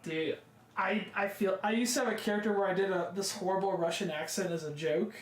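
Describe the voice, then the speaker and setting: Young male co-host, high voice, lively storyteller, roomy sound. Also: brisk, a little hiss or hum. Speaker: podcast co-host. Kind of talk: casual chat. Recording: roomy echo.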